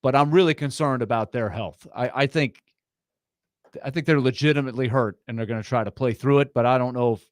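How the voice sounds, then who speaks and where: A man's voice: mid-range voice, fairly quick, no room sound, studio quality. A man co-hosting a sports talk show, breaking down a game in a hesitant, analytical way. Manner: hesitant, analytical, restarts sentences.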